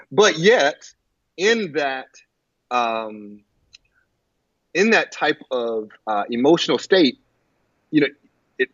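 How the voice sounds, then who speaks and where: A man telling a personal story in a halting way, with many fillers and restarts, on a muffled lo-fi recording. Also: fairly high pitch, fairly bright tone, husky, no room sound. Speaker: guest. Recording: muffled lo-fi audio.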